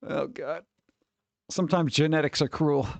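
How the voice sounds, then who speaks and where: Male streamer, higher-pitched, rambling casual chat, dry sound. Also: steady tone, normal speed, creaky, dry recording. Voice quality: scratchy vocals at times. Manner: rambling, wry, reacts to chat and pictures.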